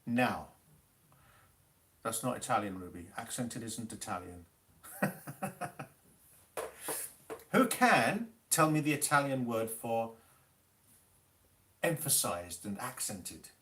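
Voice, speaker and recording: Lively man hosting a music quiz. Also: medium pitch, takes it slowly, pauses often. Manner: teasing, strict about spelling and rules. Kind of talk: live-streamed quiz hosting.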